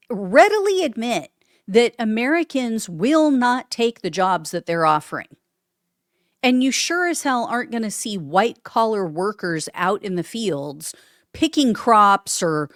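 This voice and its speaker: A woman's voice: on the low side, no echo, studio quality. A woman hosting a political commentary show, reading out social media posts and answering them with blunt, sarcastic remarks and small laughs. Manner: sarcastic, blunt, laughs at what she reads.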